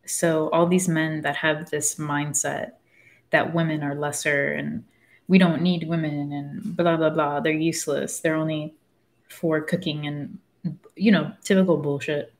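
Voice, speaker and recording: Her deep voice stays level and measured as she, a book discussion host, offers offhand commentary on her current read. The talk is rambling and candid, with plenty of swearing and moments where she loses her thread.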